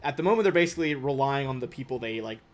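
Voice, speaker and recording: A young man running a tabletop game as game master, chatty and relaxed, swearing casually. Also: mid-range voice, very fast, faint music behind.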